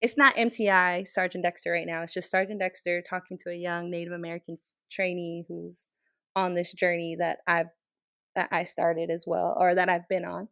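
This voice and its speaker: A young woman, a military training instructor from the Navajo Nation, telling a story in an interview with emotional, animated retelling. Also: lowish voice, a little fast, gravelly, dry recording, studio quality. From Navajo Nation, Southwest US.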